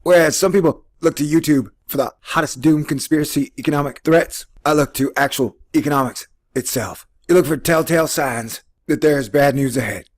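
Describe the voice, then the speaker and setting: A man's voice: on the high side, a little fast, few pauses. Rambling, jokey male commentary host. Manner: rambling, jokey and sarcastic, with frequent asides. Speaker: host of an economics commentary channel. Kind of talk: casual commentary on a news article.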